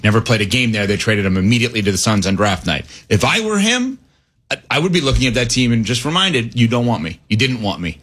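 A man's voice: fairly low pitch, a bit bright, breathy edge. A man hosting a sports talk show, arguing his points emphatically and challenging his co-hosts. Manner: emphatic, argumentative, quick to challenge others. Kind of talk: casual sports debate.

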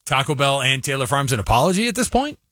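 A man's voice: mid-range voice, big pitch swings, fast, a bit bright, dry recording, studio quality. A middle-aged man co-hosting a casual chat, joking and teasing his co-host, with kids of his own. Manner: joking, interjecting, playful teasing.

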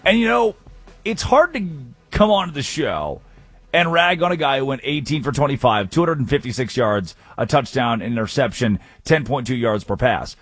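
A man's voice: mid-range voice, big pitch swings, normal speed, fairly bright tone, breathy edge, dry recording, faint music behind. A man hosting a sports radio show, energetically rattling off game stats.

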